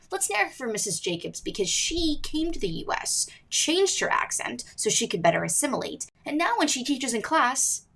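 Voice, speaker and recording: A woman's voice: mid-range voice, vocal fry, bright, forceful tone, breathy edge. A woman hosting a podcast, talking in a rambling, jokey way full of "like". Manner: rambling, jokey, heavy use of "like". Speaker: podcast host. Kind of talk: casual podcast talk.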